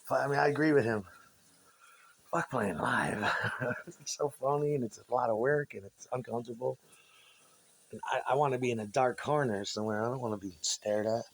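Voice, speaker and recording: A man's voice: medium pitch, moderate pace. A man in a rambling, casual monologue, swearing freely and restarting his sentences as he tells stories about his old bandmates. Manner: meandering, profane, frequent restarts.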